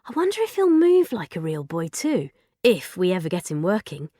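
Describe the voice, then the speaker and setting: A woman voicing a quick, sharp-tongued schoolgirl who startles easily. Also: huge pitch swings, no echo, studio quality. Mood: curious. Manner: high and bright, quick retorts.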